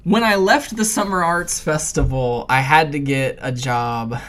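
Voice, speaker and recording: A man co-hosting a podcast, telling a casual story with loose, rambling phrasing full of fillers and restarts, and animated when he acts out his own panic. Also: fairly high pitch, measured pace. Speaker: podcast co-host.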